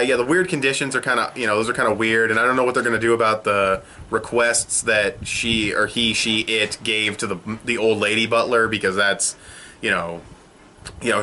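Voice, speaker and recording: Excitable, bright-voiced young man. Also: fairly low pitch, a little hiss or hum. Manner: excitable and profane, swears often. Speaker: anime reviewer. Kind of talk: casual video review. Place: home room.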